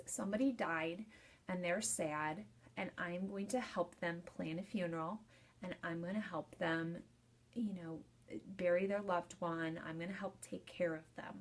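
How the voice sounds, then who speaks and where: A woman's voice: fairly low pitch, normal speed. A young woman, a funeral director and embalmer, giving casual, chatty advice in a live video talk and restating her points in loose lists.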